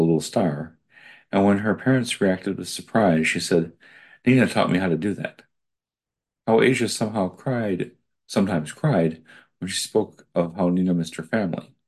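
A man's voice: deep voice, a little mellow, husky. A man reading an article aloud and breaking off to add his own digressive comments.

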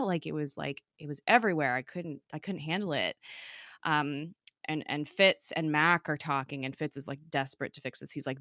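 A woman with a low voice and a bright, forward tone talks through a TV episode in casual chat. She piles on fillers and laughs often, and the sound is close and dry. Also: a little fast, no echo. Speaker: podcast co-host recapping a TV episode.

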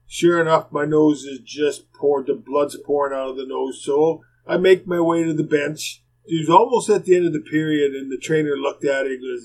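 A man's voice: a little high, steady tone, moderate pace, few pauses, darkish tone, poor audio. An older man, a former hockey player rambling through plainspoken anecdotes as a podcast guest. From Canada. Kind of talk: casual storytelling.

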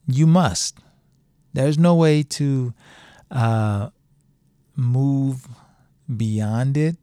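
A man's voice: mid-range voice, dark tone, dry recording, studio quality. A middle-aged man speaking in a casual, emphatic monologue, repeating phrases for stress as a podcast host.

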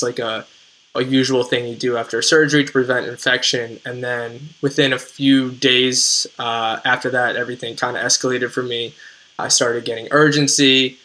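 Bright-voiced young New Jersey man. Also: mid-range voice, low-quality recording. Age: 20s. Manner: earnest, measured storytelling with fillers like "like". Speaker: podcast guest. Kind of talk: podcast interview.

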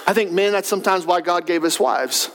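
High-voiced man preaching a sermon. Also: a little fast, background noise. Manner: animated preaching, voice swells to shouts for emphasis. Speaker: pastor. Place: church sanctuary.

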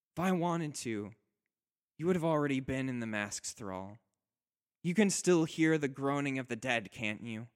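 A man's voice: mid-range voice, fairly bright tone. A man voicing a spirited young woman warrior who teases her husband and pleads with him in tears. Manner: teasing, then tearful and earnest.

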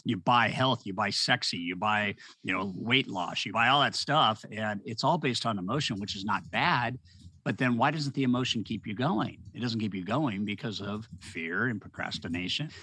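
A middle-aged man, an author and speaker, telling stories in an animated, conversational way and acting out the people he quotes. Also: medium pitch, no room sound. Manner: animated storyteller, acts out quoted voices. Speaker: podcast guest. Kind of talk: storytelling conversation.

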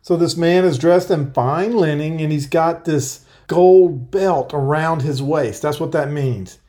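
A man preaching an earnest verse-by-verse sermon, explaining scripture and reading passages aloud slowly. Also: on the high side, dark tone. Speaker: pastor. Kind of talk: Bible-teaching sermon.

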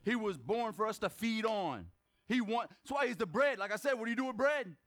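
A man with a very high voice preaches a lively sermon to his church. He keeps asking the congregation questions, slips in joking asides, and now and then bursts into a shout to drive his point home. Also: brisk. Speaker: pastor. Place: church service.

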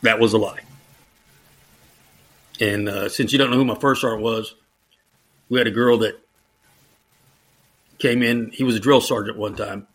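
A man's voice: lowish voice, steady tone, normal speed, long pauses, fairly bright tone, breathy edge. A middle-aged man, a retired Army officer turned JROTC instructor, telling anecdotes in a casual interview, mimicking the people he quotes in a raised voice and chuckling as he goes. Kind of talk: storytelling in a conversational interview.

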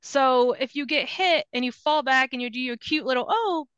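A woman's voice: sits high, fairly even intonation, moderate pace, fairly bright tone, smooth, no room sound. A woman guest in a casual gaming chat, talking in a loose, filler-heavy way and laughing often. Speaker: podcast guest.

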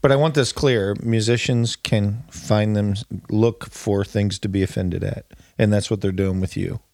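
A man's voice: fairly low pitch, fairly even intonation, a little slow, gravelly, darkish tone, no room sound, clean studio sound. A man hosting a podcast, chatting casually in a joking, self-mocking way with frequent laughter. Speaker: podcast host. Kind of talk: casual chat.

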